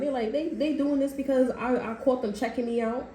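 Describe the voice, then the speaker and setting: A woman's voice: a little high, a little fast, hardly any pauses, warm tone. A woman giving a casual tarot reading, rambling in loose slang and acting out what people say. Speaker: tarot reader. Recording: echoey room with faint background noise.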